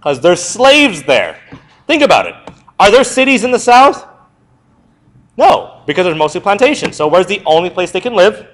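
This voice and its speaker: Heard through a low-quality recording, this high-voiced young history teacher speaks at a moderate pace during a review lesson. He keeps the energy up, firing questions at the class before answering them on his own.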